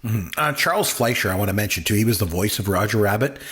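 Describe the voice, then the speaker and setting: With a lowish but fairly bright voice, this podcast co-host and film reviewer talks fast and animatedly in a casual chat about a movie. He rambles, dropping fillers throughout.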